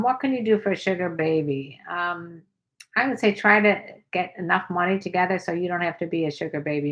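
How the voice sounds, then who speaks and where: Older woman, livestream host, lowish voice, frank and playful with comment replies. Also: low-quality recording. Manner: chatty, reads comments aloud, frank and playful. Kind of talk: casual livestream chat reading viewer comments.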